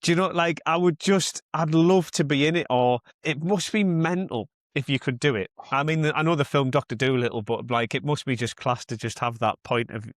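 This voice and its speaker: A man's voice: fairly high pitch, fairly quick, hardly any pauses, no echo, clean studio sound. A man hosting a podcast in casual, rambling chat that slips into mild swearing. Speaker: podcast host.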